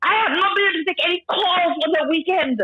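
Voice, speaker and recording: A woman's voice: extremely high pitch, fast, dry recording. A woman from Lucia, crying and speaking in impassioned, repetitive declarations as a guest in a live-stream interview. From Saint Lucia. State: tearful, crying. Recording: muffled lo-fi audio.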